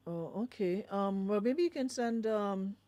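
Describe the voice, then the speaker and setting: A woman's voice: mid-range voice, lively intonation, normal speed, dark tone, dry recording. A Grenadian woman hosting a radio show, chatting casually with lots of fillers and laughs. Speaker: radio host.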